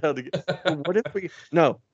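A man's voice: a little high, a little fast, husky, no echo. A man chatting casually about a comic book, rambling and laughing as he acts out the characters' lines. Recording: dull lo-fi sound, dry.

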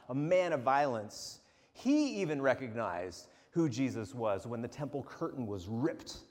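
A man preaching a sermon as pastor, animated and often restarting or repeating words as he goes. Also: mid-range voice. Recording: long hall reverb.

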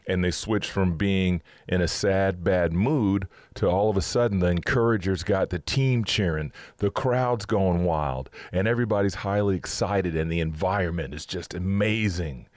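A man's voice: sits low, normal speed, hardly any pauses, no echo. A man hosting a casual faith talk, upbeat and chatty, laughing often as he teaches. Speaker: podcast host.

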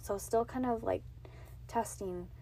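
A woman in her thirties hosts her own podcast from a home closet, sharing her faith testimony in an earnest, emotional, confiding way into a podcast mic set on a box. Her medium-pitched voice is warm and slightly rough, swinging widely in pitch at a normal speed.

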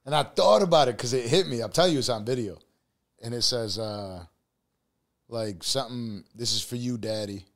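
Profane, animated storytelling man in his thirties. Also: medium pitch, normal speed. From Buffalo, New York. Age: 30s. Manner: animated storyteller acting out quoted lines, profane. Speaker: podcast host. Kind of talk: casual podcast chat.

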